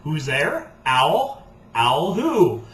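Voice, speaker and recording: A high-voiced man swings through his corny jokes with a lively, bouncing pitch. He pauses often and laughs at his own punchlines. The sound is roomy and echoey, with banjo playing behind him. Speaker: ukulele performer telling jokes. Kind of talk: corny kids' jokes and sing-along. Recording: roomy echo with banjo music.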